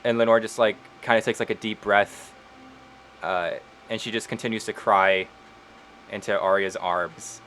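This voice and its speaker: A man narrating a tabletop role-playing game as game master, unhurried, with frequent fillers. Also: lowish voice, fairly even intonation, fairly bright tone, slight background noise.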